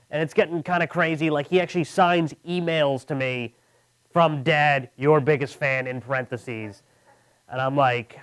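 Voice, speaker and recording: Young new guy doing standup, kinda high voice, smooth, deadpan jokes. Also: moderate pace. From Long Island, New York. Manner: deadpan, mocking voices of others. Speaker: stand-up comedian. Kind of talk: stand-up comedy set. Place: comedy club.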